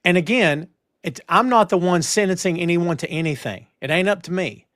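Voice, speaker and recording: A man hosting a wrestling news talk show, emphatic and animated, with lots of restarts. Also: high-pitched, normal speed, dry recording, clean studio sound. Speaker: podcast host. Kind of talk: casual wrestling news chat.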